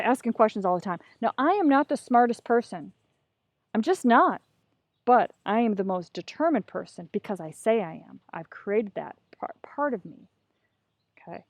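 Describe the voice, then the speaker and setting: A middle-aged woman tells a story casually with lots of energy, slipping into other people's voices and cursing freely. Her voice sits in a middle pitch. The sound is dry and close, with no room echo. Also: normal speed. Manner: animated, acts out voices, profane. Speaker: podcast guest.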